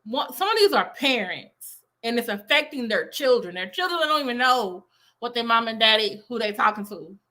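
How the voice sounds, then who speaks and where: A woman's voice: fairly high pitch, animated, normal speed, bright, forceful tone. A woman teacher giving casual reaction commentary, rambling and skeptical. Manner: rambling, many fillers, skeptical.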